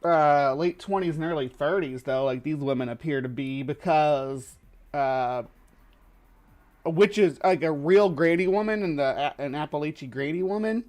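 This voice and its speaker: Male stream host from the lower Midwest, voice on the higher side; casual, rambling commentary full of fillers and restarts. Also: moderate pace, a little mellow. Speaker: livestream host.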